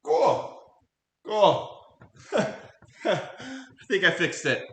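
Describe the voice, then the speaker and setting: A man's voice: sits high, sing-song, drawn-out words, vocal fry, roomy sound, a little hiss or hum. A man chatting casually with his live chat while cooking at home, goofy and laughing often. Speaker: cooking streamer. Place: home kitchen.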